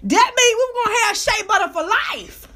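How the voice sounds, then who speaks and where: A young woman's very high, sharp, bright voice fills this casual podcast commentary. She talks brashly and swears freely, laughing her way through rambling stories as the show's host. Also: expressive, moderate pace. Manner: brash, profane, laughing storyteller.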